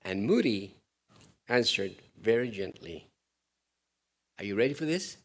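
A man preaching a sermon to his congregation, animated, joking with them and rising to loud, emphatic peaks. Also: on the low side, a little slow. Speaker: pastor.

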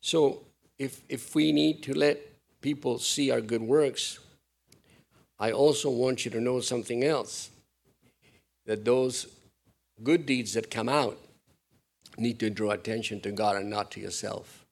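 A man preaching a sermon to his congregation, animated, joking with them and rising to loud, emphatic peaks. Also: mid-range voice, a little slow, creaky, long pauses. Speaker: pastor.

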